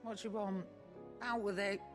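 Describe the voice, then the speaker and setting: An actress playing a gruff, suspicious older woman trader who talks curtly and sarcastically. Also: medium pitch, fairly even intonation, normal speed, over music, natural voice. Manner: curt, sarcastic, dialect grammar.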